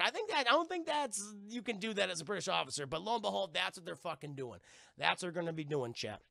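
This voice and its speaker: A man recapping a film to his chat in a loose, profane, rambling way. His voice is high and gravelly with a tense edge. The sound is dry and close. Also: very animated, fast talker, pushed and bright, dry recording. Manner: crude, rambling.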